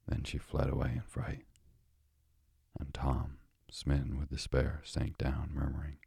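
A man narrating a classic novel as a soft, drowsy sleep story. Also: extremely low pitch, monotone, measured pace, vocal fry, breathy edge, dry recording, clean studio sound. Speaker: bedtime story reader.

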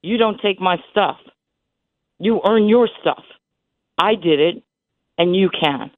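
Calling a radio program, this sixties-aged woman speaks slowly in a lowish voice, pressing her points with feeling and saying things more than once until her voice cracks. The phone line sounds tinny, with no room sound.

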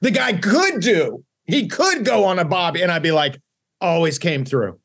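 A man's voice: high-pitched, big pitch swings, moderate pace, a bit bright. A middle-aged man co-hosting a sports talk show, telling rambling stories with wry asides. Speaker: co-host. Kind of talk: casual sports podcast chat.

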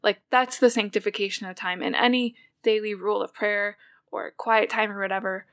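A woman's voice: medium pitch, fairly even intonation, a little fast, fairly bright tone. A woman guest in a casual conversation about faith, explaining her ideas thoughtfully and at length.

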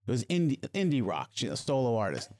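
A middle-aged man telling a story as a podcast guest, halting and repeating words as he goes. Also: medium pitch, wildly swooping pitch, mellow. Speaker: podcast guest, host's stepfather. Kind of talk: casual storytelling.

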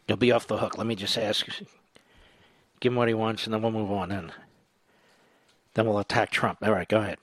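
A man's voice: on the low side, moderate pace, pauses often, a bit bright, dry recording. A middle-aged man hosting a political talk radio show, delivering a mocking, sarcastic monologue.

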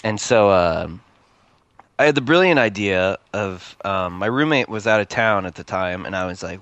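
A man's voice: fairly low pitch, animated, moderate pace, a bit bright, no echo, highs cut off. A man co-hosting a podcast, telling rambling stories in casual chat and laughing often. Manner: rambling storytelling with frequent laughs. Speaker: podcast co-host.

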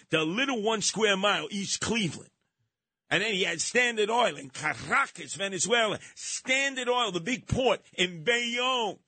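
A man's voice: on the high side, pushed and bright, no echo. A man hosting a call-in radio show, rambling and sarcastic with combative asides. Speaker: radio talk show host. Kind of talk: call-in talk radio monologue. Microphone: studio mic, dry.

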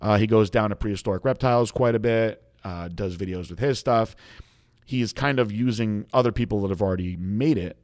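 A man with a fairly low voice recounts a story in casual conversation, speaking bluntly and frankly. He acts out what each person said as he goes. The sound is dry and close, with no room in it. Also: fairly quick, dry recording. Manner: animated storyteller, acts out quoted dialogue. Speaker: guest telling a story.

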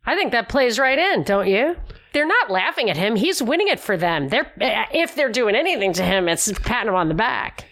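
A woman's voice: fairly high pitch, very animated, normal speed, fairly bright tone. A woman co-hosting a podcast, chatting about politics in a joking way and acting out conversations. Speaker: podcast co-host. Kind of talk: casual political chat.

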